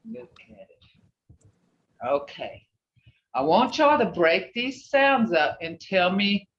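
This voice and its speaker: A patient teacher speaking slowly and brightly, drilling vocabulary with a class over a video call. The voice sits back from the mic, with a roomy echo and dull, lo-fi sound, and the delivery stays encouraging and full of "okay" and "you know". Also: medium pitch, a little hiss or hum. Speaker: language teacher. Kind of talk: online language class. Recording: echoey lo-fi video call audio from far off the mic.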